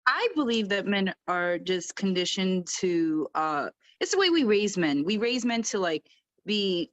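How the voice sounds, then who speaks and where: A woman who is a military veteran, speaking on a round-table panel in an emphatic, animated way, acting out quotes and laughing often. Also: medium pitch, measured pace, dry recording. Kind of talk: casual round-table chat.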